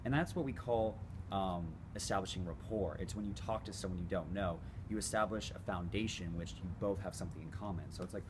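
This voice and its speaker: Male dating coach, low-pitched, laid-back and profane, talking to camera over audible background noise. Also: fairly quick. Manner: blunt, casual, swears freely. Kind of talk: casual direct-to-camera advice.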